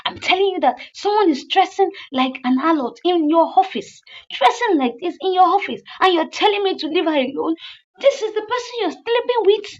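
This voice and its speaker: A woman voicing a furious betrayed wife who scolds her cheating husband in a high, loud, shrill voice. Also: very animated, a little slow, lo-fi sound. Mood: outraged.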